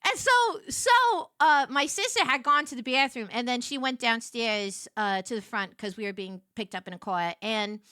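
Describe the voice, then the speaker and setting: A woman streamer telling a story to her live chat, animated and quick to get loud when excited. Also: on the high side, smooth, no room sound, clean studio sound.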